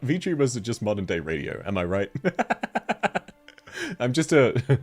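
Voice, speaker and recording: A man's voice: mid-range voice, very animated, takes it slowly, pauses often, a little mellow, soft background music. A man with a cold, chatting casually on a livestream, reading chat and laughing often. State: sick with a cold. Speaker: VTuber streamer.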